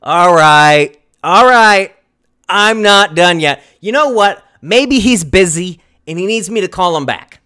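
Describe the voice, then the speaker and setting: Man, theatrical, mock-dramatic, prank voicemail rant, very lively pitch. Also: slow, clear, resonant tone. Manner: theatrical, mock-dramatic script reading with sudden outbursts. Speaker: streamer prank-calling a scammer.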